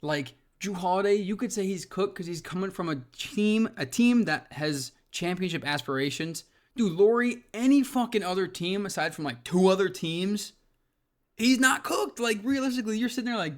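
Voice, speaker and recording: A young man from Minnesota ranting about basketball trades in a loose, profane, excitable way. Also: high voice, normal speed. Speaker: sports commentator. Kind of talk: casual opinion rant.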